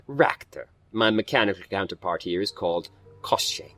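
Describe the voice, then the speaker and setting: A man's voice: low voice, lively intonation, normal speed, a bit bright. A man reading a cultured, courteous engineer. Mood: polite. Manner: polite and pleasant, read aloud.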